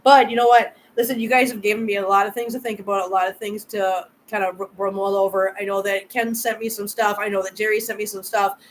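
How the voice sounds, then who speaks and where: A woman hosts a casual live chat and answers her viewers' comments one after another. Her voice sits at a middling pitch, and she often doubles her words as she talks. A faint hiss of room noise stays under her voice. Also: level tone, quick pace, hardly any pauses, poor audio. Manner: chatty, repeats words, answers comments directly. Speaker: channel host.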